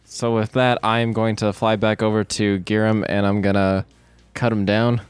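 A man joking around at a tabletop game. His voice is lowish and smooth. The sound is dry and close to the mic. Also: flat delivery, normal speed, no room sound, faint music behind. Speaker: player. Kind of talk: casual tabletop game chat.

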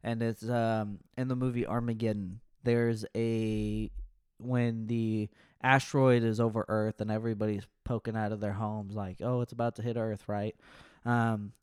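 A man's voice: on the low side, little pitch movement, moderate pace, darkish tone, clear, resonant tone, no echo. Joking man acting out quotes, dry sound. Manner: jokey, acts out other people's lines in quoted voices. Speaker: podcast co-host. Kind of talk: casual podcast chat.

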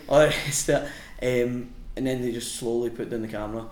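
A man's voice: mid-range voice, level tone, fast talker, a little mellow, reverberant. A man, a podcast guest and wrestler, telling a sweary anecdote with frequent laughs. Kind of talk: casual storytelling.

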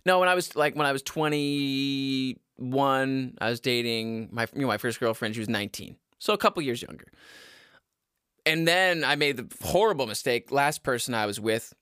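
A man's voice: medium pitch, moderate pace, a bit bright, clean tone, no echo, clean studio sound. A man in his twenties rambling crudely at home to his viewers, often laughing at his own jokes and stumbling over his words. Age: 20s. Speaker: vlogger giving dating advice. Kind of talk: casual rambling monologue to camera.

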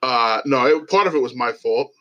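A man's voice: mid-range voice, normal speed, highs cut off. A man telling stories in a casual chat among friends, acting out quotes and swearing freely. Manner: animated storyteller, acts out quotes, swears.

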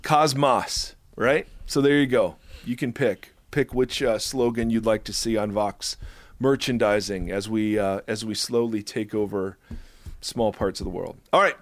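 A man's voice: on the low side, steady tone, moderate pace, no room sound. A man hosting a casual faith podcast, upbeat and joking with his co-hosts, then ending the episode with a spoken blessing. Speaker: podcast host.

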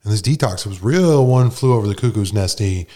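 A man's voice: on the low side, fairly quick. A middle-aged man from New York, a guest telling a personal story in casual, slangy talk, acting out the voices of the people in it. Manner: animated, slangy, acts out quoted voices.

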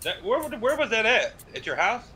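A man's voice: sits high, sing-song, normal speed, a crowd in the background. A man bantering casually with friends in a group voice chat about games. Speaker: gamer chatting in a group voice chat.

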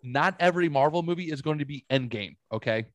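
A man hosting a casual podcast, telling stories in an animated way and swearing freely. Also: fairly high pitch, quick pace, no room sound. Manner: animated storytelling, swears a lot. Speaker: podcast host.

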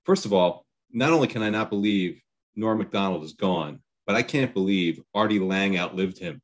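A man co-hosting a podcast, chatting casually with wry jokes in quick bursts. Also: low-pitched, expressive. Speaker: podcast co-host. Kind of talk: casual chat.

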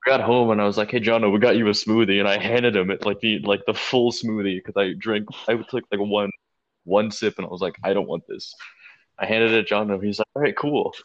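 Male podcast co-host, lower voice, animated profane storyteller, dull lo-fi sound. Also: fairly quick. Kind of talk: casual storytelling chat.

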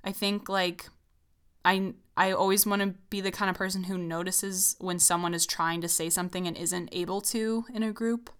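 Easygoing young woman with a lowish voice. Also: steady tone, normal speed, fairly bright tone, clean tone. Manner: easygoing, teasing, filler-heavy. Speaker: co-host chatting with her sister. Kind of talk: casual chat.

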